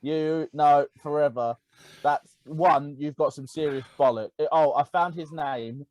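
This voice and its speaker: Animated man telling football stories. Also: a little high, unhurried, low-quality recording. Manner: animated storytelling, laughing. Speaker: podcast co-host. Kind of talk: casual football chat.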